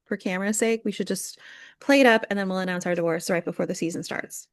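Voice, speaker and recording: A woman's voice: on the low side, fast, dry recording, studio quality. A young woman co-hosting a podcast, chatting casually about reality TV and acting out people's quotes in a run of "like"s. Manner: chatty, animated, acts out quotes with lots of "like". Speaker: podcast co-host. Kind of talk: casual chat recapping reality TV.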